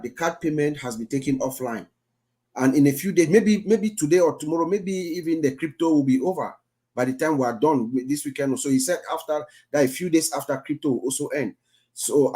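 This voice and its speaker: A man on an online group call, calmly explaining an update with a few hesitations. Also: a little high. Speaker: meeting participant.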